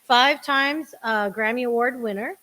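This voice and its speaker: A fairly high-voiced woman hosts a casual podcast stream. She laughs often and pokes fun at herself. The panel all talk into one shared microphone. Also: a little slow. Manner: laughing, self-deprecating, animated. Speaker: podcast host and producer. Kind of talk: casual livestream chat. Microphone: single shared microphone.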